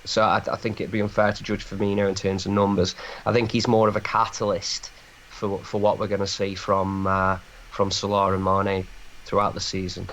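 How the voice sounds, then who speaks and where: A man calling in as a guest, giving measured opinions with hesitant restarts. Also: lowish voice, completely flat delivery, a bit bright. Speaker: guest on a call-in stream. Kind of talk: casual chat. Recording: muffled call line with faint noise.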